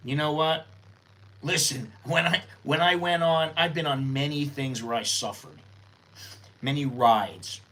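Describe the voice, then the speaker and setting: A man's voice: medium pitch, a bit bright, low-quality recording. A middle-aged American man hosting a casual livestream, talking bluntly and rambling, with casual swearing. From United States. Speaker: live-stream host. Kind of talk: casual news-and-views livestream.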